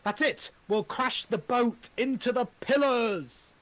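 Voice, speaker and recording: A man's voice: very high-pitched, expressive, takes it slowly, a bit bright, voice pushed up, full character voice. A man playing a stammering, cocky young swindler. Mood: urgent. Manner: urgent, stammering outbursts. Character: cocky young male swindler, quick and nervous. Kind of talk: amateur script reading.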